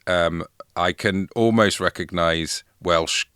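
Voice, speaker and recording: A man with a Lancashire accent co-hosting a comedy podcast, trading wry, deadpan quips. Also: deep voice, slow pace, smooth, no echo, studio quality. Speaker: podcast co-host. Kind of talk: casual comedic chat.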